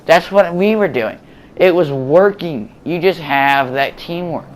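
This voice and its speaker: A man's voice: fairly high pitch, measured pace, a little hiss or hum. A man giving casual, rambling voice-over commentary on gameplay footage, full of fillers and restarts, recorded at home.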